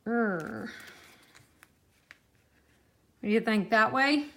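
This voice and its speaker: A woman's voice: a little high, normal speed, gravelly, a bit bright. A woman hosting a live-streamed card-making class, chatty and reacting to viewer comments as she works.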